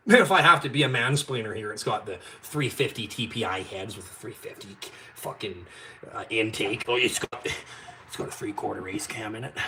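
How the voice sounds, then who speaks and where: A man hosting a live stream, talking bluntly and with heavy swearing, jumping from loud outbursts to low muttered asides. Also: slight background noise. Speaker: YouTube channel host. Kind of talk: profane live-stream rant.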